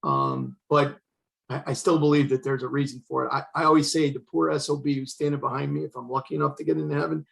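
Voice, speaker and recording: A man's voice: on the high side, animated, fast talker, vocal fry, fairly bright tone, poor audio. An older man, a retired fire chief, telling a personal story as an interview guest, earnest and acting out the dialogue he quotes. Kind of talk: emotional storytelling in conversation.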